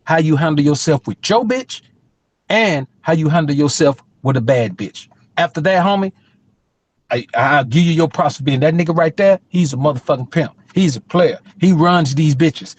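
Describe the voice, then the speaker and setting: A man's voice: a little high, expressive, moderate pace. Profane, emphatic storytelling man. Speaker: podcast co-host. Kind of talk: casual storytelling chat.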